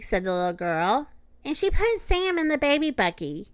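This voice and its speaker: A woman with a medium-pitched voice reads a children's picture book aloud as a storyteller, her delivery slow, expressive, and sing-song.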